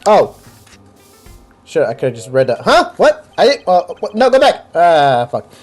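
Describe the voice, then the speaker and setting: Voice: medium pitch, sing-song, measured pace, a little mellow, soft background music. A let's player commentating on a story game, joking and sarcastic, swearing casually while reading the dialogue aloud.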